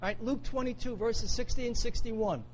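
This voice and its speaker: A man's voice: extremely high pitch, normal speed, dull audio, slight background noise. A man preaching a sermon, emphatic, repeating key phrases for weight. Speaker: pastor.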